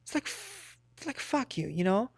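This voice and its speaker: A woman's voice: sits high, huge pitch swings, normal speed, vocal fry, a little mellow, breathy edge, dry recording. A woman livestreamer in casual chat, giving blunt, profane, rambling opinions.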